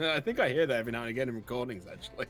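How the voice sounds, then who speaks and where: A man's voice: medium pitch, very fast, a bit bright, soft background music. A man chatting casually as a guest on a live stream, laid-back and giggly. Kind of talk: casual chat.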